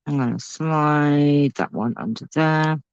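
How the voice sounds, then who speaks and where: A woman's voice: sits low, slow pace, smooth, no echo, lo-fi sound. A woman hosting a casual crafting livestream, chatting and thinking aloud as she works. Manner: chatty, thinks aloud, talks to her pet. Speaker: craft channel host.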